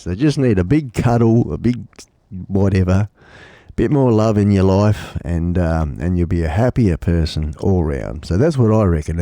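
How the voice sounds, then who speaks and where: A man's voice: sits low, dark tone, dry recording. A middle-aged man hosting a casual live stream from his home studio, rambling and joking with many restarts, stuffed up with a cold. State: blocked up with a cold.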